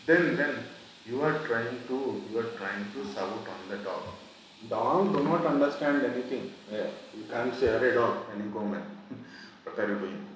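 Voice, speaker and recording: A man teaching a coding class, repeating himself and explaining with homely analogies. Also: mid-range voice. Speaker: programming teacher. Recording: echoey room from far off, faint noise.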